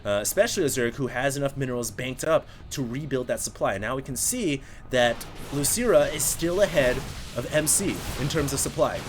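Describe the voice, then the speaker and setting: A man casting a video game replay on his own, energetic play-by-play with excited bursts at big plays and chatty asides to his viewers. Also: medium pitch, brisk, background noise. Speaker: esports caster.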